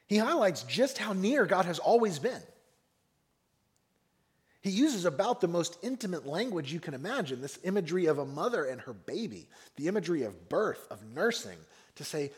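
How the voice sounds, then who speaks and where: A man's voice: high-pitched, big pitch swings, normal speed. A man preaching a sermon on a psalm, speaking expressively and acting out the mockers and the psalmist in raised voices. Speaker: pastor.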